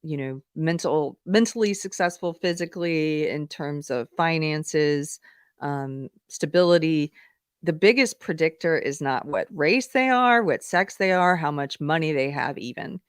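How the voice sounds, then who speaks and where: A woman's voice: deep voice, a little slow, smooth, no room sound, clean studio sound. A woman hosting a livestream, giving outspoken, chatty commentary and reading viewer comments aloud. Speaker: livestream host. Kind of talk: casual commentary.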